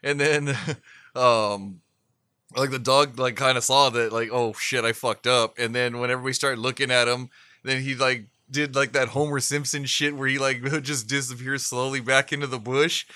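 A man's voice: mid-range voice, steady tone, normal speed, bright, forceful tone, dry recording, clean studio sound. A man chatting casually, a laid-back storyteller who swears constantly and laughs often. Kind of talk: casual chat.

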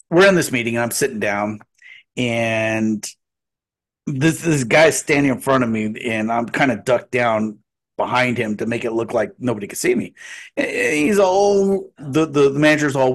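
A man spinning a casual story with plenty of swearing. He gets animated and acts out other people's lines, his voice sitting at a middle pitch for a man. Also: moderate pace. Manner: profane, animated, acts out quotes. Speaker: podcast co-host telling a story.

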